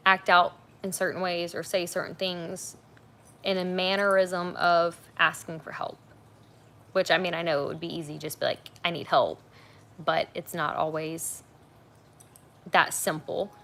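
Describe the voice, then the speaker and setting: Young woman, livestream host, low gravelly voice, chatty, candid, rambling. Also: little pitch movement, measured pace, a bit bright. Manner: chatty, frank, rambling with fillers. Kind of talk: casual livestream chat. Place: at home on a couch.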